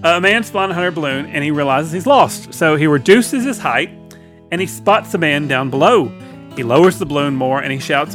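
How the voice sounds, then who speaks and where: A man's voice: on the high side, expressive, moderate pace, a bit bright, soft background music. A man co-hosting a comedy show, teasing his partner, laughing often and telling jokes. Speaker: comedy co-host. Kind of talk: casual banter and joke telling.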